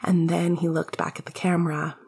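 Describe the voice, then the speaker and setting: A woman's voice: fairly low pitch, flat delivery, a little fast, gravelly, a little mellow, slightly rough. A woman narrating a fan fiction story in a wry, casual way, swearing freely. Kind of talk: fan fiction audiobook reading.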